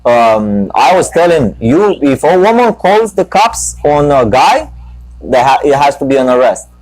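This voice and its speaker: A man's voice: a little high, sing-song, measured pace, a little mellow, no echo, low-quality recording. A man hosting a live talk show, telling a long rambling anecdote full of profanity and restarts. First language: Romanian. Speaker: talk show host and comedian.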